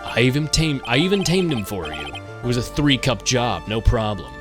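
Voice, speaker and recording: A man voicing an earnest, excitable male detective. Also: medium pitch, moderate pace, pitched below the performer's own voice, close to an everyday voice. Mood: eager. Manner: excitable, says pal. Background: game music.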